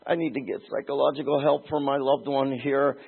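A man preaching a sermon in an animated way, moving between quiet asides and shouted emphasis, with a husky voice. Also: medium pitch, fairly quick. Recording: tinny phone-like sound.

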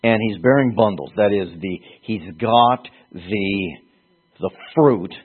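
A man preaching a sermon in an earnest, halting way, repeating words for emphasis. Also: fairly low pitch, slightly rough. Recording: tinny phone-like sound.

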